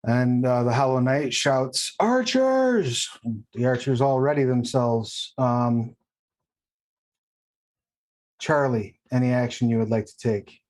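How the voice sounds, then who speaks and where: A man acting as game master of a tabletop game, explaining rules and options patiently and in a measured way. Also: medium pitch, level tone, a little mellow. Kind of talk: running a tabletop game online.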